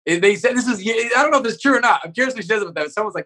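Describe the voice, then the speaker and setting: This man, a comedian guest on a podcast, has a high-pitched, sharp voice. He rapidly tells a profane story and keeps checking in by tagging sentences with "right?"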